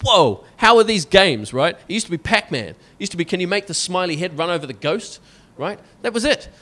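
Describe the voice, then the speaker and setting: A Scottish man performing stand-up comedy, sarcastic and animated, often tagging his lines with "right?". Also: sits high, fairly quick. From Scotland.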